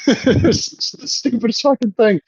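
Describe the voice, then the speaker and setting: A man's voice: very high voice, slow pace, husky, dry recording, muffled recording. A man in his thirties co-hosting a podcast, chatting casually, rambling and swearing, often laughing. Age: 30s. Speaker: podcast co-host. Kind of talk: casual chat.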